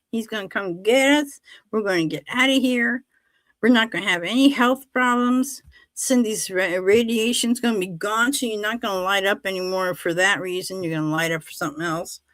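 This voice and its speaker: A woman hosting a casual faith chat on a livestream, telling animated stories, acting out what others said and laughing often. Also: mid-range voice, no echo. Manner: animated storytelling, acts out quoted voices, laughs often. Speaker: livestream host.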